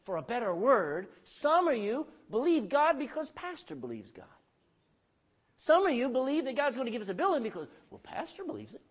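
A pastor preaching a sermon, calling out for amens and dropping between loud bursts and hushed lines. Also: male voice, very high-pitched, huge pitch swings, a little fast, breathy edge. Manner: calls for amen from the congregation.

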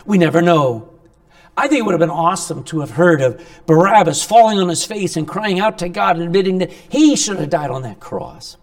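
A man preaching a sermon, animated, with sudden loud emphasis, quiet asides and many rhetorical questions to the congregation. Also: on the high side.

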